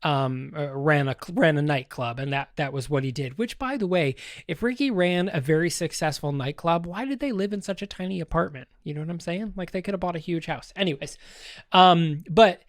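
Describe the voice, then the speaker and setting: A man's voice: a little high, brisk, no echo, studio quality. Rambling man hosting a podcast. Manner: rambling and jokey, with many fillers and restarts; talks straight to the audience. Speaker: podcast host. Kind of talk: casual pop-culture commentary.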